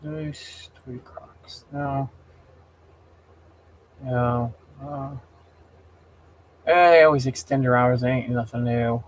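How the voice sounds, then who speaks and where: Male streamer, casual chat, mid-range pitch, rambling, easily exasperated. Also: steady tone, slow, long pauses, slight background noise. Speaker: livestream host.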